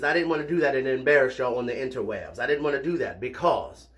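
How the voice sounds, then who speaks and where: A man talking casually to his viewers as cousins, playful and animated, his voice still a little hoarse from recent illness. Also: medium pitch, quick pace, few pauses. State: slightly hoarse, recovering from illness. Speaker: vlogger. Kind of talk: casual direct-to-camera chat.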